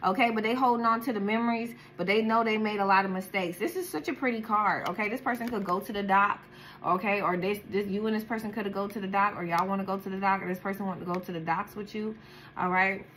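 A woman's voice: medium pitch, fairly even intonation, fast talker, fairly bright tone, slight background noise. A woman with a daughter doing a casual tarot reading, talking bluntly with heavy slang and profanity. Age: adult, has a daughter. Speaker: tarot card reader.

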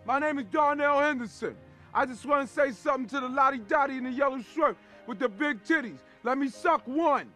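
A brash, high-voiced streetwise braggart. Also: male voice, moderate pace, faint music behind. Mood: showing off. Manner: boastful, crude, loud and animated. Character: brash streetwise man coaching his friend on women. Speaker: film character. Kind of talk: comedy film acting.

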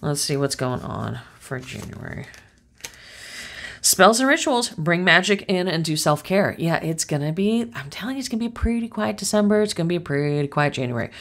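A middle-aged woman with a low voice talks through a tarot and astrology reading in a loose, chatty way. She rambles into anecdotes, restarts her sentences and keeps up a lively storytelling flow. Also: brisk. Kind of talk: casual tarot reading to camera.

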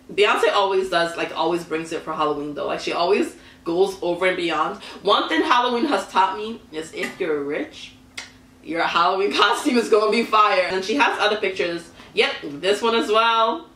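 A young woman with a bright, sharp voice chats through a casual reaction vlog, laughing easily and reacting with excitement. She sits a little back from the mic in an echoey room with a faint hum of ambience. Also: medium pitch, moderate pace, distant mic. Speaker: YouTuber reviewing celebrity costumes.

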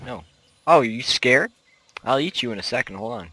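A man's voice: mid-range voice, lively intonation, moderate pace, a little hiss or hum. A young man giving playful, rambling commentary while playing a game. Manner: playful, rambling, bursts into loud shouts. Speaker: gameplay commentator. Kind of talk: casual gameplay commentary.

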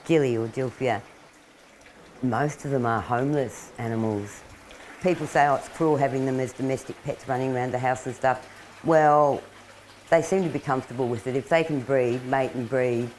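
Middle-aged woman with a deep voice; candid, chatty wildlife carer in a documentary interview. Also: darkish tone, slight background noise, poor audio. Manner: chatty and candid, often laughing.

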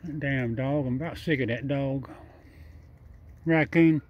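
A man's voice: mid-range voice, measured pace, muffled recording. A man talking casually outdoors at night, coaxing a wild animal and rambling on with repeated phrases, chuckles and nonstandard speech. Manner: chatty and repetitive, coaxing and laughing, nonstandard speech. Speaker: vlogger feeding a wild raccoon. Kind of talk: casual running commentary to camera and animal.

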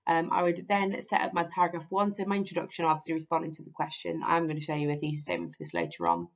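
Low, gravelly woman teaching. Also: lively intonation, racing. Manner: hesitant, many ums and restarts. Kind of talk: casual spoken lesson. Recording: slightly dull lo-fi audio.

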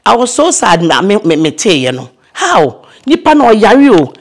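Older actress, lively storyteller, chatty guest on an interview. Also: female voice, medium pitch, normal speed. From Ghana. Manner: lively storyteller, mixes in English phrases. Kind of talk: casual interview, reminiscing.

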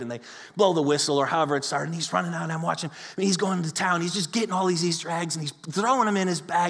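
A pastor preaches in a church, his voice high for a man and echoing with a long hall reverb. He tells stories animatedly, acting out the voices of the people in them. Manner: animated storytelling, acts out quoted voices. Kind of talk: sermon. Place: church sanctuary.

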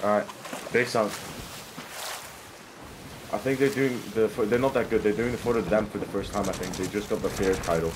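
A young man chatting with teammates while playing a game, excitable and swearing often, shouting in quick bursts. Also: lowish voice, background noise. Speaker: game streamer. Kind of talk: casual gameplay chat with teammates. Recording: game sounds of boat and water behind voice.

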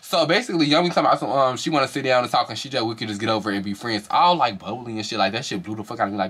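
A man reviews a reality show in rapid, casual commentary. His voice is bright and sharp, and he is gossipy and profane. His animated delivery keeps leaping up into shrieks. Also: slightly rough. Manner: animated and sassy, with shrieking highs.

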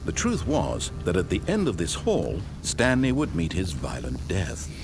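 A man voicing a dry, mocking omniscient narrator in a video game, delivered in a measured, deadpan way. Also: low voice, noisy background, full character voice. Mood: ominous.

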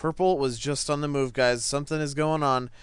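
A teenage boy giving live commentary on a game he is playing at home, excitable, laughing and stammering as things happen. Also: a little high, fairly quick, clean tone, no echo. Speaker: gaming YouTuber. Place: home, seated in a chair.

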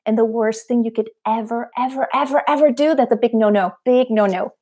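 A woman vocal coach on a live stream, giving direct, earnest motivational advice and speaking up loudly to her viewers. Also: fairly high pitch, brisk.

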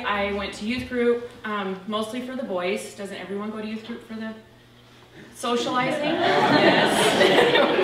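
A woman's voice: medium pitch, a bit bright. Woman telling a lighthearted testimony. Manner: chatty, lighthearted storytelling. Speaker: church member giving testimony. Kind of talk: personal testimony in church. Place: church sanctuary. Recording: echoey church room, from far off, faint noise.

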